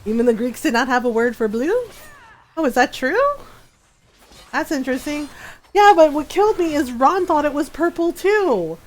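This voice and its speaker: A woman's voice: high voice, lively intonation, moderate pace, darkish tone. A woman live-streaming a game, chatting casually and reading and answering her chat as she tells a story.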